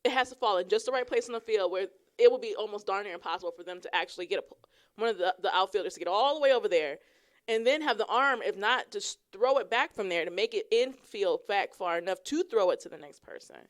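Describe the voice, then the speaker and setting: A woman's voice: medium pitch, expressive, quick pace. A woman co-hosting a casual podcast, asking curious questions and laughing easily. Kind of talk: casual chat.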